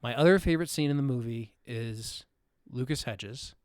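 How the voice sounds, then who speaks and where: Man, podcast co-host, halting and reflective, mid-range voice. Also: mid-range voice, darkish tone, no room sound, clean studio sound. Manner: halting and reflective, searching for words. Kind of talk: casual film discussion.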